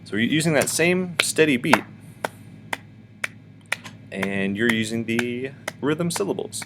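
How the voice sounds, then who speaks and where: A man's voice: mid-range voice, expressive, slow pace, very noisy. A man teaching a virtual music lesson for children, patiently explaining and chanting rhythm syllables.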